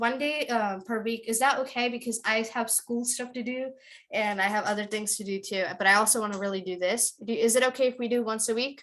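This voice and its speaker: Young female tutor on a call, rapid and informal, lots of fillers and restarts, high voice. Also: a bit bright. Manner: fast, loose, with many fillers and restarts. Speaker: online tutor. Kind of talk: casual online class, mixing English and Tamil.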